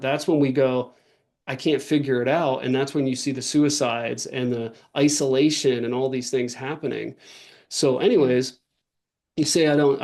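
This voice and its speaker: A man's voice: mid-range voice, a little mellow. A man, a podcast guest, explaining his work in casual interview talk, earnest and full of fillers and restarts. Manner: earnest, talks in long runs with many fillers and restarts. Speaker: podcast guest, author and workshop leader.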